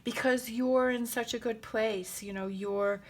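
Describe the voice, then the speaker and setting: A woman giving a casual tarot reading in a gentle, rambling and emotional way, with many pauses and fillers. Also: a little high, fairly even intonation. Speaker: tarot reader.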